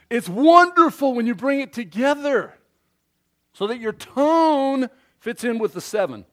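A man preaching a sermon, animated and interactive, quizzing the congregation and acting out little scenes. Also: very high voice, moderate pace. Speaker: pastor.

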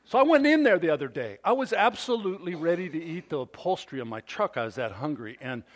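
A man preaching at a church service who tells a story before turning to his teaching. He keeps checking in with the congregation, and his fairly high voice rises and falls a great deal. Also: quick pace. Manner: animated storytelling with frequent questions to the congregation. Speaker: pastor. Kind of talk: sermon.

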